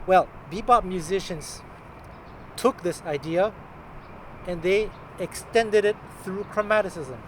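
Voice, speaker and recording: A man teaching a casual guitar lesson, chatty and joking, counting beats out loud. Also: high-pitched, unhurried, slight background noise, poor audio. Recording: loud guitar playing under voice.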